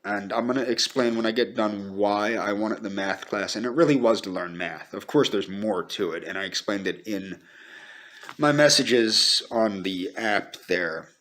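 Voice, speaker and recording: A man speaking a personal video message to the camera, earnest and pleading, halting and repeating himself as he holds back tears. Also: lowish voice, a bit bright. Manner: halting and repetitive, restarting sentences. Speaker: vlogger.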